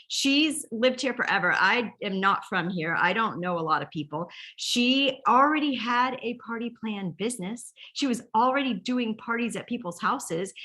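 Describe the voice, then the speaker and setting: A woman's voice: a little high, pushed and bright. A middle-aged woman leading a sales team, giving a chatty, rambling motivational training talk and telling stories. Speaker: direct sales team leader.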